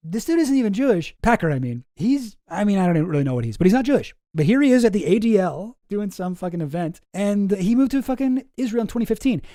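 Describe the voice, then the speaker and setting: A man's voice: sits high, big pitch swings, fast talker, few pauses, mellow, no room sound, studio quality. A man hosting a commentary channel, talking in a casual, rambling, sarcastic way and swearing often.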